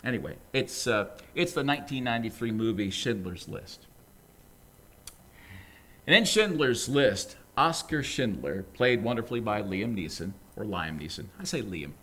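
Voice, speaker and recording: An earnest male preacher delivering a sermon. He talks plainly while he tells a story, then presses his points with emphatic, fervent exhortation. His voice sits at an ordinary middle pitch for a man. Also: very animated, moderate pace, pushed and bright.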